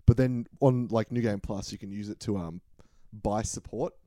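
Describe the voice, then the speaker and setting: Australian male podcast co-host: low, mellow, sweary casual chat. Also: steady tone, normal speed, no room sound, clean studio sound. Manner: swears constantly, laid-back.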